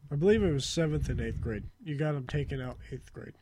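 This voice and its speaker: A man's voice: fairly high pitch, lively intonation, fast talker, a little mellow, slight background noise. A young man in casual chat with a friend, blunt and short-spoken. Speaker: friend chatting.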